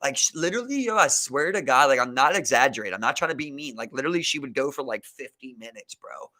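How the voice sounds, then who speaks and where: A man's voice: medium pitch, expressive, fast, sharp tone. A young man co-hosting a podcast, telling a profane story in casual chat and leaning heavily on "like" and "bro.". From Maryland. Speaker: podcast co-host.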